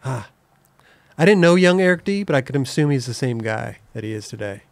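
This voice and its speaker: A man co-hosting a podcast, chatting casually and reacting quickly to his guest. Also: medium pitch, animated, creaky. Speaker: podcast co-host. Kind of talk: casual chat.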